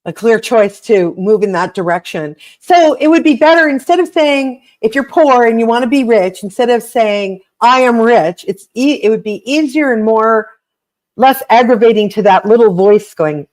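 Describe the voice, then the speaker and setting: A woman's voice: fairly high pitch, lively intonation, normal speed, darkish tone. A woman co-hosting a podcast, talking conversationally and affirming her guest's ideas. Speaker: podcast co-host.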